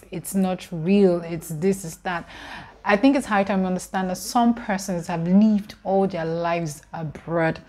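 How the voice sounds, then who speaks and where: A young Nigerian woman with a Nigerian accent, chatting casually to camera as a vlogger, emphatic and quick to laugh between points. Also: fairly low pitch, darkish tone.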